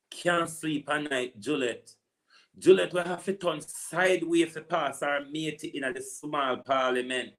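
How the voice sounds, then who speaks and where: A man's voice: mid-range voice, fairly bright tone. A man with a Jamaican accent, an online political commentator delivering a preachy, repetitive rant full of rhetorical asides. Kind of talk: ranting monologue.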